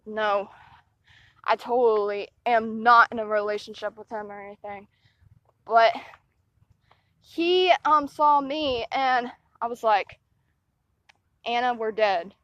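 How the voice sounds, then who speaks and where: A woman's voice: fairly high pitch, slow, long pauses, a bit bright, dry recording. A young woman telling a rambling personal story to the camera, often restarting her sentences and getting indignant. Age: young adult. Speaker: vlogger. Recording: dull, muffled lo-fi sound.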